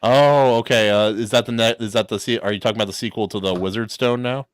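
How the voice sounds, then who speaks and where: A man's voice: on the low side, steady tone, fast talker, no room sound. A man hosting a casual stream chat over voice chat, rambling with restarts and easy laughs. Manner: chatty, restarts and trails off, laughs easily. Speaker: stream host.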